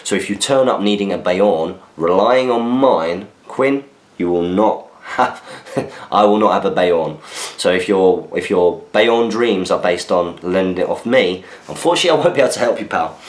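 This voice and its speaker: Low-voiced man chatting in a roomy space. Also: moderate pace. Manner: chatty, reads listener messages aloud with asides. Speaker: podcast host answering listener questions. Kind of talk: casual chat. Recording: roomy echo.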